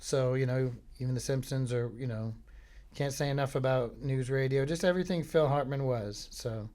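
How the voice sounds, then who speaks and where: A man from Florida hosting a podcast, telling meandering comic stories in a deadpan, filler-heavy way. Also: mid-range voice, normal speed. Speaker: podcast host. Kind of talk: rambling comic monologue.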